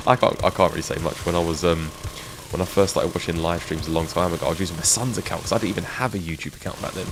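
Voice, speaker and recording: Over background noise, a middle-aged Englishman with a deep, steady voice talks very fast. He's playing a game on a live stream, chatting casually with his audience, reminiscing and laughing often.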